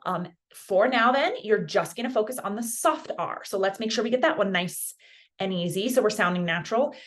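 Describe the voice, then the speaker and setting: A woman teaching a beginner Spanish pronunciation lesson in a casual, encouraging way, saying example words slowly and carefully. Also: mid-range voice.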